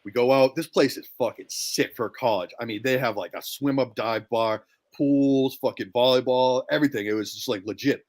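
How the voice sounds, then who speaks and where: A man's voice: mid-range voice, moderate pace, darkish tone. A man in his twenties, a podcast co-host, telling a rambling, profane party story in casual chat.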